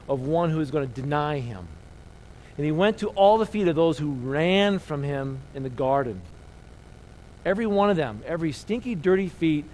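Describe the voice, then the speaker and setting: A middle-aged man preaching a sermon as pastor, swinging between loud emphasis and soft, hushed lines. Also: fairly high pitch, a little hiss or hum, low-quality recording.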